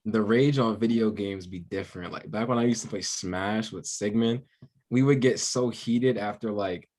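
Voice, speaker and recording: A young man chatting as a podcast guest musician, laid-back and slangy, telling drawn-out stories. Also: lowish voice, darkish tone. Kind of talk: casual podcast chat.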